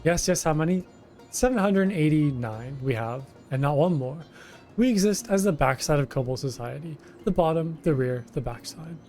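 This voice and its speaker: A man's voice: a little high, expressive, normal speed, darkish tone, soft background music. A man voicing a whiny, self-pitying male kobold foreman who repeats himself in strings of synonyms. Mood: lamenting. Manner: repeats words in lists of synonyms, pleading.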